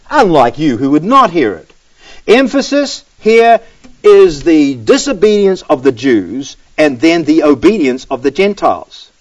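A man preaching, reading Bible verses aloud and then explaining them with animated emphasis. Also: on the high side, poor audio. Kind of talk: Bible teaching sermon.

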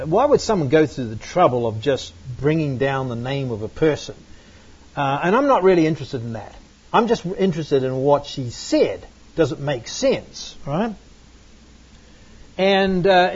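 A man's voice: mid-range voice, a little mellow, husky. A man giving a Bible lesson, stressing words and checking in with "right?" and "okay?" as he goes. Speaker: Bible teacher. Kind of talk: classroom-style lecture with slides. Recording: muffled lo-fi recording.

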